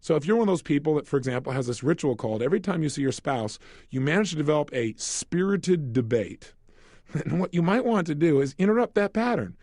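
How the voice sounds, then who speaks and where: A man leading a self-help audio program, talking in an energetic, emphatic way and asking the listener rhetorical questions. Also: on the high side, fairly quick, no room sound, clean studio sound. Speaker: motivational speaker.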